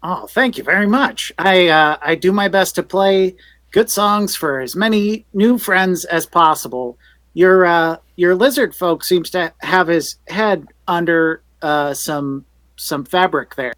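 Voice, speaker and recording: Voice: medium pitch, measured pace, fairly bright tone, no echo. A player speaking in character in a tabletop game, hesitant with many fillers.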